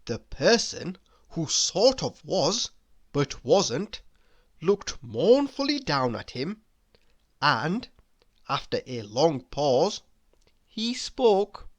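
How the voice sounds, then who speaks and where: Slow, playful children's storyteller woman. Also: lowish voice. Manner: playful, teasing asides to the listener. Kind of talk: children's read-aloud.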